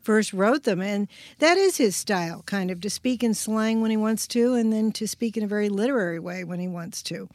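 A woman's voice: mid-range voice, moderate pace, few pauses, darkish tone, no echo. An older woman guest talking about her writing on a podcast, reflective and rambling, often restarting her sentences. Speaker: guest author. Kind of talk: podcast interview.

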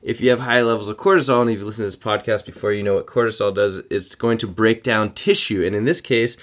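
A man hosting a fitness podcast, talking informally with joking asides and quick self-corrections. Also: fairly low pitch, fairly even intonation, fairly bright tone. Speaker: podcast host. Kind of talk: casual fitness podcast monologue.

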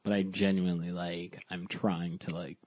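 A man hosting a podcast remotely, talking in a monotone, cursing casually and rambling with lots of fillers. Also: sits low, normal speed, dry recording. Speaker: podcast host.

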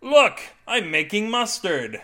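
A man voicing a giddy, manic middle-aged husband obsessed with mustard, often shouting in an audio fiction reading. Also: mid-range voice, lively intonation, moderate pace, close to an everyday voice.

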